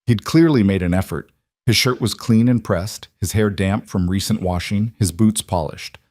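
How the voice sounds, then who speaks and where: Male narrator, low voice, dry close mic; calm, measured scripted story reading. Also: no room sound.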